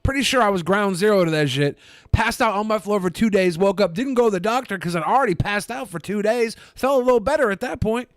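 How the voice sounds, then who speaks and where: High-voiced joking podcast co-host man. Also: quick pace, no echo, studio quality. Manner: joking, rambling storyteller. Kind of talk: casual podcast banter.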